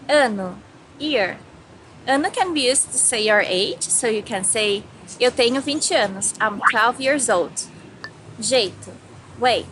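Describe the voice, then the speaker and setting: A Brazilian woman with a Brazilian Portuguese accent teaching Portuguese words, cheerfully repeating each word slowly and giving its English meaning. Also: on the high side, lively intonation, fairly bright tone. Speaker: language teacher. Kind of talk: bilingual vocabulary lesson. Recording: echoey room with faint noise.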